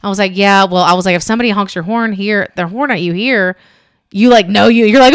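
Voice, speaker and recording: A podcast co-host tells a rambling, chatty story in casual conversation, saying "like" constantly and acting out quotes. Her mid-range voice is smooth and quick, recorded in a clean studio with no room sound.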